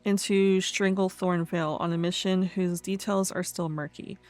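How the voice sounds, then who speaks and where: A woman's voice: fairly low pitch, steady tone, moderate pace, darkish tone, faint music behind. A woman casually commenting on a game, reading quest text aloud, laughing and stumbling over fantasy names. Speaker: let's play host.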